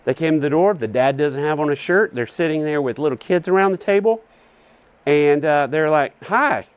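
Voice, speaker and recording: Southern man telling lively stories. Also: fairly high pitch, brisk, smooth, no echo. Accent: Southern US (Alabama). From Alabama. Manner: animated storyteller, laughs often. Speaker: guest. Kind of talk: casual storytelling chat. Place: front porch.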